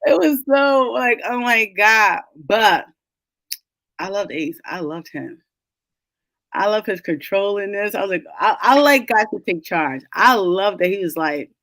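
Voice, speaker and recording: A woman's voice: mid-range voice, lively intonation, measured pace, a bit bright, dry recording. A woman hosting an online book club in a casual, chatty way, laughing often and a little congested from a cold. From New England. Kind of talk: casual chat.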